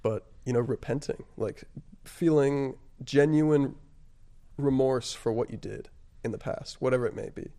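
Guy with a gravelly fry in his voice, mid pitch, casual and halting, lots of likes and you knows. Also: mellow. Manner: halting and reflective, frequent "like" and "you know" fillers. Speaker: interview guest. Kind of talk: casual personal storytelling.

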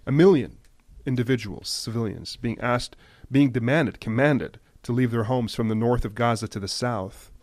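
A man giving impassioned news commentary, emphatic at times and dropping to a hushed, grave tone. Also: mid-range voice, moderate pace, no echo. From United States.

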